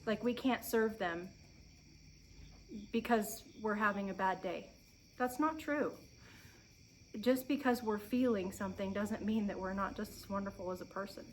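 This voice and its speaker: A woman in her thirties sitting outdoors on her farm, talking to her viewers in a heartfelt, encouraging way while holding back tears, with pauses and restarts. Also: medium pitch, low-quality recording. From Oregon. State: emotional, near tears. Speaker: homestead vlogger. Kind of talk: heartfelt sit-down chat to camera. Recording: faint outdoor insect noise.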